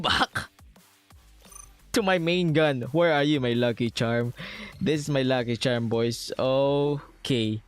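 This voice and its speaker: Annoyed young man streaming a game. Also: medium pitch. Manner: annoyed, swears, talks to chat. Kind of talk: live gameplay commentary.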